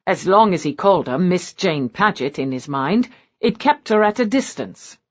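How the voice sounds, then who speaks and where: A woman narrating an audiobook in an expressive storytelling manner. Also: lowish voice, normal speed, lo-fi sound. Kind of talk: scripted narration.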